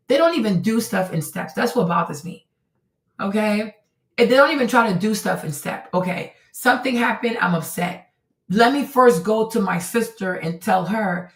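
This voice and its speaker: A woman's voice: fairly high pitch, moderate pace. A woman hosting an opinionated commentary stream, talking emphatically and rhetorically, repeating phrases for effect. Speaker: host. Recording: roomy and distant from the mic.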